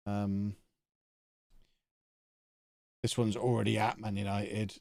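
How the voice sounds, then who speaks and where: A man's voice: mid-range voice, lively intonation, normal speed, a little mellow, no room sound, clean studio sound. Chatty man streaming a game. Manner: chatty, thinking aloud to himself. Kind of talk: live video game commentary.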